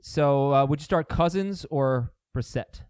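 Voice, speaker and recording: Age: adult. Sex: man. Role: show host. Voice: slightly high, smooth and crisp. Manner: quick, questioning, steering the panel. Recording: dry studio sound. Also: darkish tone, no echo. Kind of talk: casual sports chat.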